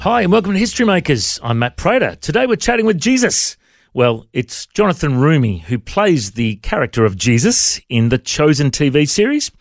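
An Australian man hosts a chat with a guest, his voice a touch higher than most men's. The sound is close and dry, with no room in it. He speaks in a friendly, easy way. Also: very animated, normal speed, vocal fry, no echo. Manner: friendly, says mate often. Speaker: podcast host. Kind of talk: interview hosting.

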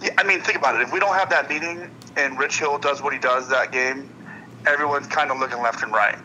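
Young guy guest, super bright voice, rambly, lots of "like" and restarts. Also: mid-range voice, fast talker, a little hiss or hum, rough recording. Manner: rambling, many restarts and fillers. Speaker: guest, professional baseball player. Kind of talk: casual interview conversation.

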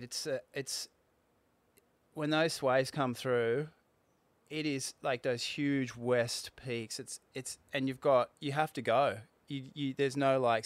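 Aussie ex-pro surfer, middle-aged, clear smooth tone, chatty, rambling, laughs often. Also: male voice, mid-range voice, dry recording. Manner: rambling, restarts, laughs mid-story. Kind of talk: casual storytelling chat.

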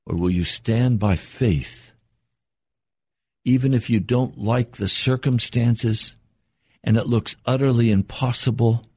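Husky-voiced older man preaching. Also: medium pitch, a little mellow, no echo, studio quality. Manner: earnest, measured preaching with slow emphatic pauses. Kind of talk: sermon.

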